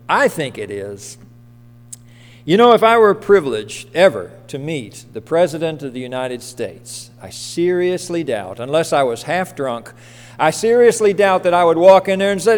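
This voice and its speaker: A man preaching a sermon in a conversational way, often putting questions to the congregation. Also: fairly high pitch. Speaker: pastor. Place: church sanctuary. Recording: long reverb of a church hall.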